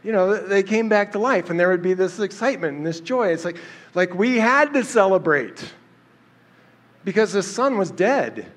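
A man's voice: high voice, lively intonation, moderate pace, a bit bright. A man teaching through a Bible passage in a casual, conversational way, with fillers and restarts. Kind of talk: casual Bible study talk.

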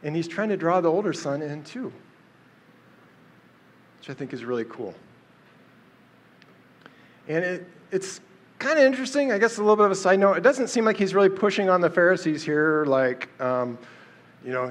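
A man with a voice on the high side teaches through a Bible passage at a normal speed, pausing often. His style is casual and conversational, full of fillers and restarts, like an informal Bible study.

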